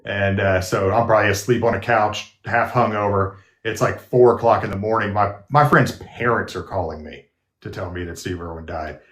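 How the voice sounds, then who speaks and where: A man's voice: on the low side, moderate pace, fairly bright tone. A man in his forties, a nurse guest, telling stories in a loose, rambling way full of restarts. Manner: rambling storyteller with many restarts. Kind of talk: casual live interview chat. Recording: roomy echo.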